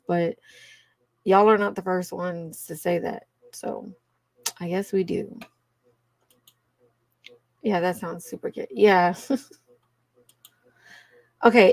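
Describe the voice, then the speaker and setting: Here a livestream host, a woman with a Cajun accent, talks casually with her viewers, calling them y'all and laughing often. Her voice is lowish and a little mellow.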